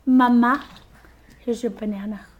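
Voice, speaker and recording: A woman's voice: fairly high pitch, fairly even intonation, a little slow, muffled recording. A young mother with a scratchy, sick voice, filming at home and coaxing her baby in sing-song baby talk. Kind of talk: home video chat with a baby. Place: home, at a baby's high chair. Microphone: camcorder microphone.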